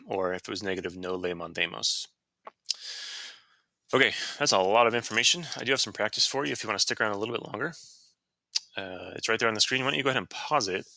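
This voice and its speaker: A man with a low voice and a very bright, sharp tone walks through a screen-recorded Spanish grammar lesson. He explains casually, with fillers and quick self-corrections. The sound is dry and close to the mic. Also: creaky, dry recording. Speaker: Spanish teacher.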